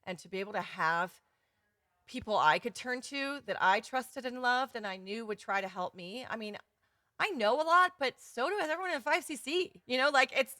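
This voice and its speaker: Running a live giveaway for her course, this woman chats effusively with her students on a casual livestream and laughs a lot. Her voice is a little high and bright with a forceful tone, at a moderate pace, captured dry with clean studio sound.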